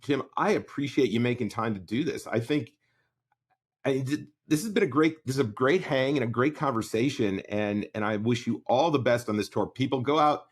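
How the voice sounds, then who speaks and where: A man's voice: mid-range voice, moderate pace, breathy edge. Man hosting a podcast, wrapping up. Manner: warm, appreciative wrap-up. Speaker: podcast host. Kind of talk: casual interview chat.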